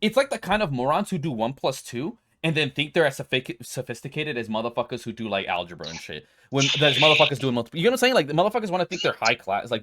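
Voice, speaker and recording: A man goes off in a fast, heated podcast rant, swearing freely and tripping over his own restarts. His voice swings all over the place and sits a little high for a man. The sound is close and dry, with no room in it. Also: sing-song, a bit bright, no room sound. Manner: profane, heated, opinionated, rambling with restarts. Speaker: podcast co-host. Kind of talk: casual rant.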